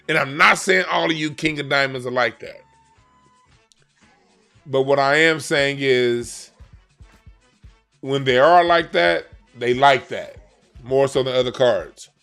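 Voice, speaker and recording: A man's voice: mid-range voice, slow, creaky, pauses often, a bit bright, soft background music. A man reading playing cards for a yearly forecast, talking casually in an emphatic, slangy way, often repeating and restarting his phrases. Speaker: card reader. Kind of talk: casual explainer monologue.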